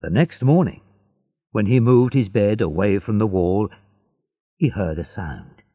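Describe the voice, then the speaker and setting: A man narrating a graded-reader story in a slow, expressive way, on a slightly muffled recording. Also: lowish voice, husky.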